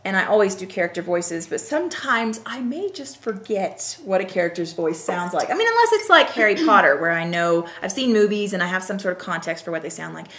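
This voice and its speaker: Brief: chatty woman co-host, mid-pitched voice, echoey room. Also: very animated, a little fast, few pauses, fairly bright tone. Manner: chatty, laughs often. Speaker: podcast co-host. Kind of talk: casual chat.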